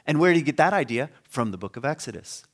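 In a sing-song, mid-range voice at a quick pace, a man teaches biblical history informally. His talk is chatty and full of laughter and rhetorical questions to listeners, with frequent trailing off and restarting.

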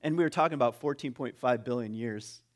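A man's voice: mid-range voice, quick pace. A man preaching a conversational sermon, reading a passage aloud and breaking off into jokes and asides. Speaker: pastor.

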